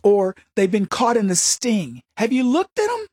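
A man's voice: high voice, big pitch swings, moderate pace, a little mellow, breathy edge, no echo, studio quality. A man hosting a political talk show, delivering an opinionated, mocking comedic monologue. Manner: mocking, mimics opponents in exaggerated voices, laughs at own jokes. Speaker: political commentary host.

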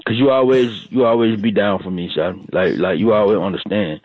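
A man's voice: lowish voice, brisk, slightly rough, dry recording. Man, phone call, tinny and dry, rambling comic storyteller, repetitive. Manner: drawling, repetitive, mock-dramatic. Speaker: comedic caller bit.

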